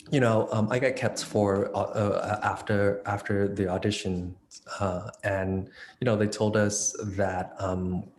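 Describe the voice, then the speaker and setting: Low-voiced man, hesitant, full of fillers. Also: darkish tone, slight background noise. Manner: hesitant, many fillers and restarts. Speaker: interview guest, dance choreographer. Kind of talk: conversational interview.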